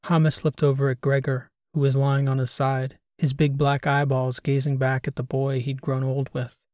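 A man narrating a science fiction audiobook in a steady, even storytelling manner. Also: medium pitch, moderate pace, hardly any pauses, no room sound, studio quality. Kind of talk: scripted narration.

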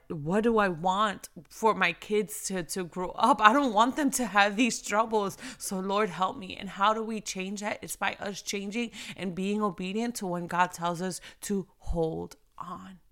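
A woman's voice: mid-range voice, fairly bright tone. A woman who is a mother, telling a personal faith story in a casual, rambling way with lots of fillers and restarts.

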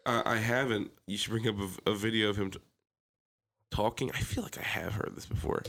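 A man's voice: fairly low pitch, fairly even intonation, a little fast, fairly bright tone. A man with a Philadelphia accent, co-hosting a casual podcast chat, swearing and joking, slipping into mocking impressions. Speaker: podcast co-host.

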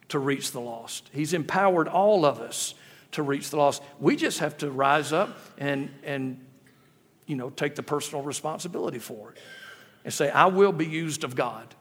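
A man preaches a sermon in a folksy way, often restarting and repeating his words. His voice sits a little high for a man. The sound rings with the long reverb of a church hall. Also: slightly rough. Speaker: guest pastor.

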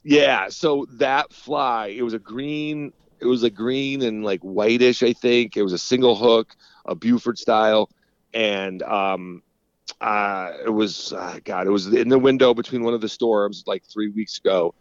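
A man, a fishing guide, talking in a rambling, relaxed way on a casual phone interview, swearing now and then. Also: fairly low pitch, measured pace, dry recording, muffled recording. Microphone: phone call.

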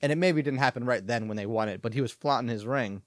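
A man's voice: medium pitch, fast, no room sound. Man rambling through a story, dry sound. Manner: rambling, filler-heavy. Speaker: podcast co-host. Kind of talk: casual podcast storytelling.

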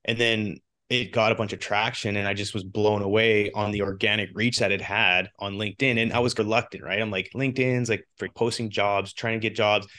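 A man from Canada talks casually as a podcast guest, his voice sitting on the low side. He tells his stories with animation and keeps stopping to restart his sentences. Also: a little fast, few pauses. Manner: animated storytelling with frequent restarts. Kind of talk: casual conversation.

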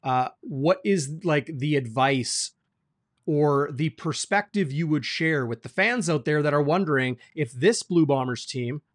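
A man's voice: fairly high pitch, a little slow, dry recording, clean studio sound. A man who hosts a sports show and asks long, winding interview questions. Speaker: sports reporter, host.

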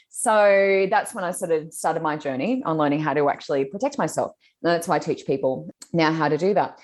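A woman telling a spooky personal story in casual chat, animated and laughing as she goes. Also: low-pitched, brisk, few pauses. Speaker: guest, spiritual teacher.

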